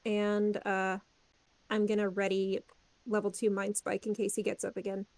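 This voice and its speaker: A woman's voice: mid-range voice, monotone, normal speed, a little mellow, dry recording. A woman player in a tabletop game, plainspoken and matter-of-fact as she picks her spells. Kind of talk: casual tabletop play.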